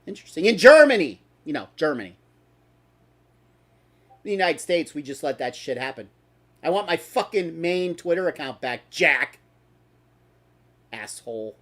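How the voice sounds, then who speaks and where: Brief: male host, lively swooping delivery, sarcastic profane rants. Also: a little high, normal speed, long pauses. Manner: angry, sarcastic, profane ranting. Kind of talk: ranting talk stream.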